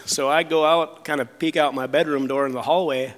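A man's voice: fairly high pitch, steady tone, a little fast, long reverb tail. A man telling a personal testimony in casual speech, rambling with many fillers and restarts, sometimes acting out what others said. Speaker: storyteller sharing a testimony.

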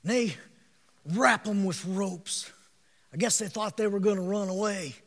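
High, bright-voiced fiery preacher. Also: male voice, measured pace, big-room sound. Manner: emphatic, calls for responses, bursts into shouting. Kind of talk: sermon.

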